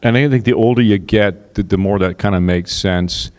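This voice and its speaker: Low-voiced veteran actor, reflective. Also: male voice, a little mellow. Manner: reflective, drifting into quick character voices. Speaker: voice actor panelist. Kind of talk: relaxed panel talk. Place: convention panel room.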